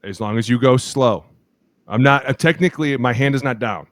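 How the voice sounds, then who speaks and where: A man in his thirties, a podcast co-host telling lively locker-room stories, acting out quotes and laughing often. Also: medium pitch, brisk, no room sound. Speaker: podcast co-host, former offensive lineman. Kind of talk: casual chat, animated storytelling.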